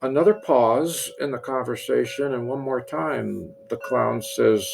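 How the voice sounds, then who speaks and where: Against some background noise, a middle-aged priest with a gravelly, medium-pitched voice tells a parable at an unhurried pace. He draws a sermon-like lesson from it, restarting often and repeating words.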